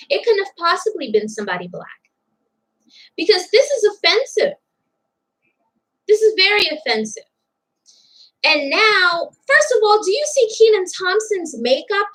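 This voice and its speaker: Young woman, reaction vlog, indignant, emphatic, high voice, lively pitch. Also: poor audio. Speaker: commentator reviewing a TV clip.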